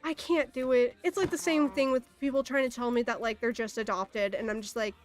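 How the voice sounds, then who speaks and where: Exasperated high-voiced young woman ranting. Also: fairly even intonation, a little fast, hardly any pauses, soft background music. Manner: exasperated, swears often, laughs in disbelief. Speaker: streamer. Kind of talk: casual ranting monologue.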